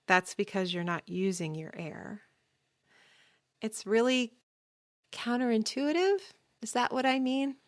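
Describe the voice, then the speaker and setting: A woman hosting a podcast voice lesson, explaining calmly and demonstrating sounds. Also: medium pitch, no room sound, clean studio sound. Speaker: voice teacher.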